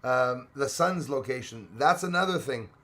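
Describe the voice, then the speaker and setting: A man's voice: mid-range voice, lively intonation, normal speed, fairly bright tone. Chatty man hosting a stream. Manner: chatty, reads out viewer comments, frequent fillers. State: coughing now and then. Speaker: livestream host. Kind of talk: casual live-stream chat.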